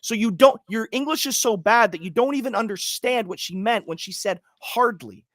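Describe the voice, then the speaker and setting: A man from Canada co-hosting a livestream podcast, ranting forcefully and swearing freely. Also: high voice, moderate pace, dry recording. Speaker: podcast co-host. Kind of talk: heated livestream podcast talk.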